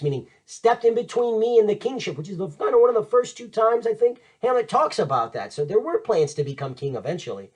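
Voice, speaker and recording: A man's voice: a little high, moderate pace. A man teaching literature in a casual lecture, retelling a play in modern slang. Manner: chatty, paraphrases quotes in modern slang, lively and animated.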